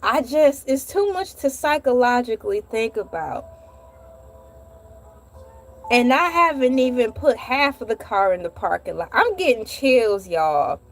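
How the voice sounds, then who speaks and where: A woman hosting a vlog, telling a comedic story in an animated, playful way with dramatic asides. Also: on the high side, unhurried, soft background music. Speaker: vlog host.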